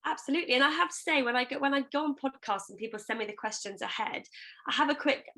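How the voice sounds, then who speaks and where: A young woman, a podcast guest, telling stories in a chatty and animated way. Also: sits high, fast. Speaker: guest, author and business founder. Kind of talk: casual podcast conversation.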